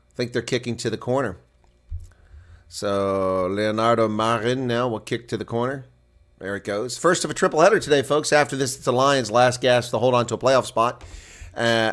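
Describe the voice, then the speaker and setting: A man calls a rugby match live from his home setup, narrating each phase in play-by-play commentary. His voice sits in a middle pitch. He turns excitable, loud and high when a big play breaks.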